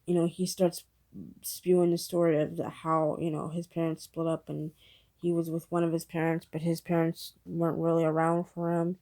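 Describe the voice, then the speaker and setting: A woman's voice: low voice, completely flat delivery, normal speed, dark tone. A woman giving a casual, rambling spoken movie review, retelling the plot with lots of fillers.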